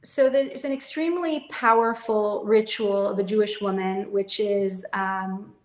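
A young adult woman who owns a business speaks at length and earnestly as a guest in a casual interview, often laughing as she talks. Her medium-pitched voice is steady and her pace measured, in an echoey room.

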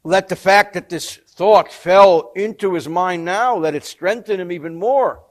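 High-voiced man teaching a sacred text. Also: a little slow. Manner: lively storyteller, mixes Hebrew and Yiddish terms with English translation. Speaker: Torah teacher. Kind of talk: storytelling lecture on a sacred text.

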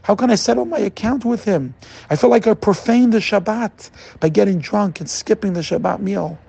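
A man's voice: high voice, moderate pace, creaky, mellow, slightly rough, no echo, pitched above the performer's own voice, heavily acted. A man voicing a remorseful, middle-aged man who confesses his wrongdoing to a rabbi and pleads for forgiveness. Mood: pleading. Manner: pleading, emotional.

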